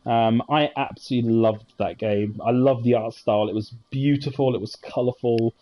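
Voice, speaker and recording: A man's voice: mid-range voice, fairly even intonation, moderate pace, warm tone. A man, chatting casually and reminiscing over gameplay with many fillers and asides. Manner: rambling, nostalgic storytelling with many fillers. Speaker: gaming channel host.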